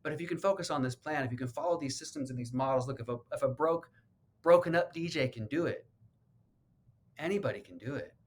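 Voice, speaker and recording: A man's voice: on the high side, fast. A man, a real estate agent, telling his personal story in an interview in an earnest, heartfelt way, repeating words when he gets emotional.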